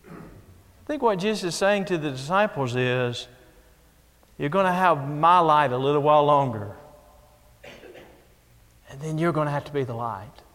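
A man's voice: fairly high pitch, expressive, measured pace, long pauses, a bit bright. A man preaching a sermon in an earnest way, repeating key phrases as he builds emphasis. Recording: long echo of a large hall.

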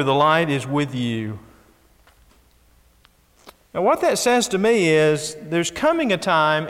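A man's voice: a little high, a bit bright. A man preaching a sermon in an earnest way, repeating key phrases as he builds emphasis. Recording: long echo of a large hall.

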